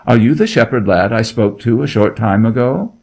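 A man's voice: medium pitch, expressive, normal speed, creaky, a little mellow, pitched above the performer's own voice. A man reading a story aloud, voicing a grim and menacing duke who interrogates with cold authority. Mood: commanding. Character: grim, menacing nobleman, a middle-aged duke.

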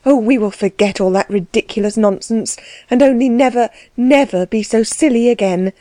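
A gentle young aunt speaks softly and tenderly, tired and pleading, as a woman narrator reads her. Her voice is mellow and dry, and she sounds emotional throughout. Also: on the high side, moderate pace, dry recording, lightly acted.

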